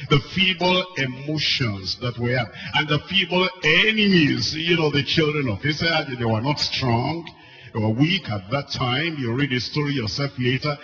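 A man preaching a sermon, emphatic, repeating key phrases and swinging between loud and soft. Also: a little high. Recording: dull lo-fi recording with faint music. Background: faint music.

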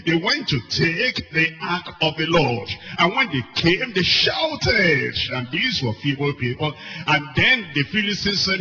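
A man preaching a sermon, emphatic, repeating key phrases and swinging between loud and soft. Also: a little high, big pitch swings, normal speed. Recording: dull lo-fi recording with faint music. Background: faint music.

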